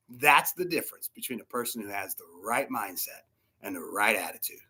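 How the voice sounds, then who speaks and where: Animated, bright-voiced male pastor. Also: fairly low pitch, brisk, slightly rough. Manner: animated, acts out voices of people in his stories. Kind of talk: sermon.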